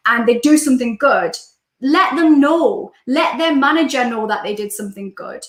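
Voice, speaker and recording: A woman from Newcastle, England, with a Geordie accent, speaks a little fast in a slightly high voice in a reverberant space. She's a life coach chatting casually on a livestream, rambling as she reads out viewer comments.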